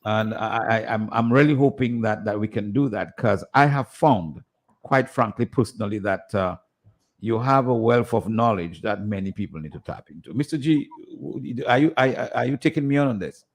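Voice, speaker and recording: Halting man giving a radio tribute. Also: lowish voice. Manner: halting, many restarts and fillers. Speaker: committee member.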